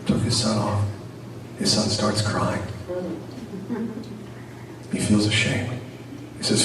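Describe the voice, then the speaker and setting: Man telling a story like a rabbi, lively, really echoey room, mic far off, noisy. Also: on the low side, slow pace, pauses often. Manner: animated storyteller, sprinkles Yiddish words. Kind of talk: storytelling teaching.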